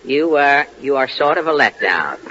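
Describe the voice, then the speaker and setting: A man hosting a 1940s radio comedy sketch, halting with fillers between his wisecracks. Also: mid-range voice, sing-song. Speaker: comedy show host. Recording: muffled old radio broadcast with loud audience and hiss. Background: loud studio audience.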